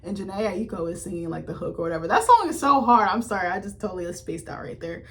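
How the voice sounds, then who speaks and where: A young adult woman chatting casually on her vlog, animated and slangy, swearing freely and rambling off on tangents. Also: medium pitch, quick pace. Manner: rambling, self-interrupting. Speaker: YouTuber reviewing a TV series. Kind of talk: casual chat.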